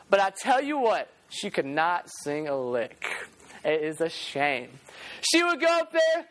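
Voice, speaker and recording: A young man preaching a sermon, passionate and animated, telling stories and acting out the voices of the people in them. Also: high voice, a little slow. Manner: passionate, animated storytelling with acted-out quotes.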